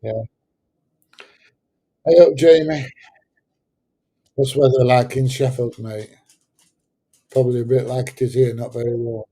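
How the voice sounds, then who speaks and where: A man's voice: mid-range voice, flat delivery, brisk, warm tone, rough recording. A middle-aged man, hosting a casual livestream chat, rambling and hesitant with lots of fillers. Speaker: livestream host answering chat.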